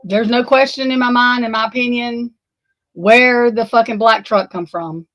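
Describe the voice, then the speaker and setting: A woman giving shaken, emotional true crime commentary, halting and stammering, swearing, close to tears. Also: on the high side, steady tone, no echo, muffled recording.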